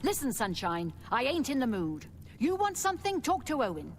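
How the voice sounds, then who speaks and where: An actress playing a gruff, impatient woman who curtly brushes people off. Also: high voice, sing-song, normal speed, a little hiss or hum. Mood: irritated. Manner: curt, irritated.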